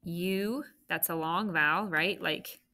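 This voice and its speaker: A woman's voice: fairly low pitch, takes it slowly, pushed and bright, slight background noise. A woman teaching a phonics lesson, patiently prompting the children and praising their answers.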